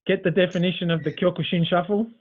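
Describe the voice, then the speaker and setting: A man's voice: high voice, steady tone, fast. A man hosting a podcast interview, giving brief, friendly reactions. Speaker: podcast host. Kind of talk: casual interview chat. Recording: tinny phone-like remote line.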